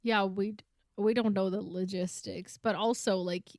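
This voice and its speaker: Recorded with studio quality and no room sound, this podcast co-host has a medium-pitched, darkish voice with fairly even intonation and a moderate pace. She chats through book chapters, paraphrasing scenes and filling her retellings with "like."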